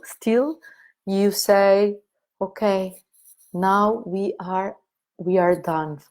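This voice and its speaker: A woman guiding listeners through an inner-child exercise in a live online talk, speaking gently and repeating her soothing instructions. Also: mid-range voice. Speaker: consciousness coach leading an online meeting. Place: online meeting.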